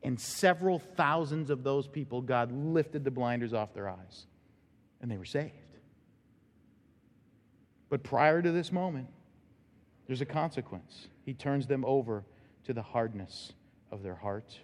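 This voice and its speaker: A male pastor preaching a sermon in a church, emphatic, with sudden loud, high bursts. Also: a little slow, pauses often, in a large hall. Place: church sanctuary.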